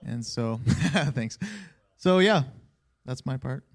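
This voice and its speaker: A man sharing a short, easygoing church testimony, halting and repeating words as he goes. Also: medium pitch, animated. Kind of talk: casual testimony talk in church.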